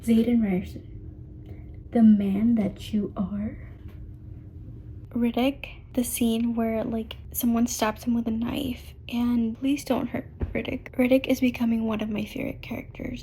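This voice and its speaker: A young woman chatting casually in a reading vlog, gushing as a fan and often dropping to a hushed, whispery voice. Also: fairly high pitch, fairly even intonation, unhurried, slight background noise, rough recording. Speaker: book vlogger.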